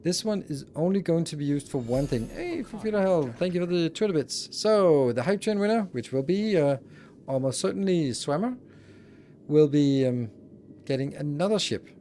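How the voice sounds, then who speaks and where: A man's voice: on the high side, expressive, moderate pace, dark tone, a little hiss or hum. A man streaming a building game, thinking aloud and muttering as he plays. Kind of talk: casual live-stream commentary.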